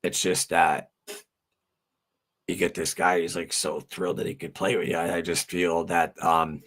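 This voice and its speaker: Low-voiced and a bit bright, this middle-aged man speaks with flat delivery at normal speed. He's hosting a livestream, loosely chatting with viewers, rambling with lots of fillers and plenty of swearing.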